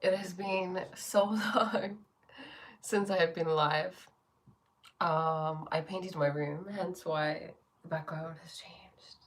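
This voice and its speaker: A woman's voice: fairly low pitch, fairly even intonation, takes it slowly. A woman hosting a casual spiritual livestream from her bedroom. She speaks reflectively, with a sore throat, greeting viewers and using many fillers.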